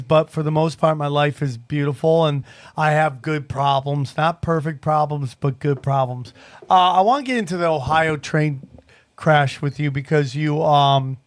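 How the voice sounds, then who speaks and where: A man's voice: a little high, smooth, dry recording. A man hosting a podcast, talking in a laid-back, easygoing way as he brings up a topic for his guest. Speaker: podcast host. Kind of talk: casual podcast conversation.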